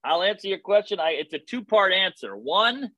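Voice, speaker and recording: An American man in his thirties tells laid-back stories in a bright, slightly raised voice. The sound is close and dry. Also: high voice, big pitch swings, normal speed, dry recording, muffled recording. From United States. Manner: laid-back anecdotal storytelling. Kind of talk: casual chat.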